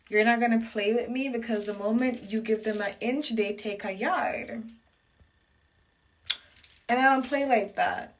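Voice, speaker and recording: Sassy young woman telling a story. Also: medium pitch. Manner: emphatic, sassy, chatty. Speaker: vlogger. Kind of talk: storytime vlog.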